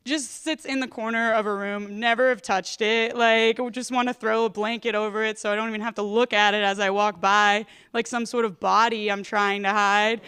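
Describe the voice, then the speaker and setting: A woman's voice: fairly high pitch, a bit bright, smooth. A woman in her thirties performing a rambling, self-deprecating stand-up comedy set on stage. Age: 30s.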